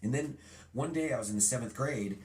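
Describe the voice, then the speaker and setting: A middle-aged man being interviewed, telling a childhood story in a lively storytelling way and acting out remembered lines. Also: medium pitch, brisk. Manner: animated storyteller, acts out quotes. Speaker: guest.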